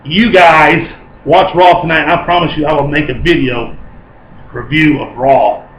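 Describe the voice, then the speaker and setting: A man giving an excited, rambling casual video review, often correcting himself as he talks. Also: fairly high pitch, a little slow, reverberant, slight background noise, low-quality recording. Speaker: vlogger reviewing wrestling.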